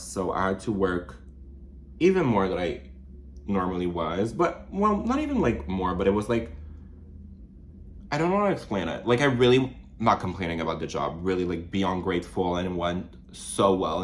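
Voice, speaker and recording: A deep-voiced young man with a French Canadian accent chats casually to camera in his small studio apartment. He rambles, with frequent fillers and restarts, and his voice often leaps up before settling low again. Faint room ambience sits behind him. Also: a little hiss or hum. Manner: rambling, many fillers and restarts, sudden jumps up in pitch. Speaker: vlogger. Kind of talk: casual chat while doing makeup.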